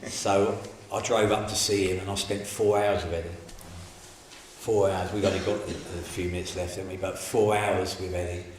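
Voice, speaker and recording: A middle-aged man recounts his story in a candid, colloquial way and acts out each person he quotes. His voice sits fairly low. It rings around a very echoey room with a faint hiss underneath. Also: moderate pace. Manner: animated, colloquial, acts out the people in his stories. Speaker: interviewee giving a testimony.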